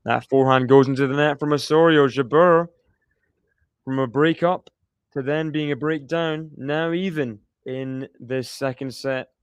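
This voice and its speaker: A man's voice: medium pitch, steady tone, unhurried, smooth, dry recording. A man giving chatty live play-by-play commentary on a tennis match, laughing often and cheering the players on.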